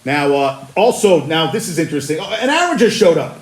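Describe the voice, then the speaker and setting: A man hosting a casual sports talk show, animated, laughing often and stammering through restarts. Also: on the high side, a little fast, roomy sound, noisy background. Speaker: podcast host.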